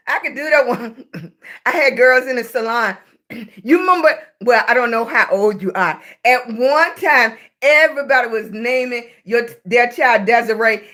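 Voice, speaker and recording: A Southern woman with a high, bright-toned voice chats live with her viewers into a phone or webcam mic. She talks slowly, greeting each new arrival by name and calling them baby. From Southern United States. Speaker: livestream host. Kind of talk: casual livestream chat with viewers.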